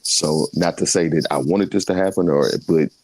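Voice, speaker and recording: A man co-hosting a sports podcast, talking in a rambling, joking, animated way. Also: sits low, moderate pace, no room sound. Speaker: podcast co-host. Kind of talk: casual sports chat.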